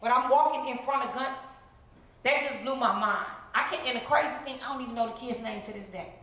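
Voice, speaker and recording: A middle-aged woman from the Chicago area giving an animated testimony as a guest speaker in a church, jumping into high voices to act out what people said. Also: a little fast. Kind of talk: testimony sermon. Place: large church hall. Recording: very echoey church hall, some noise.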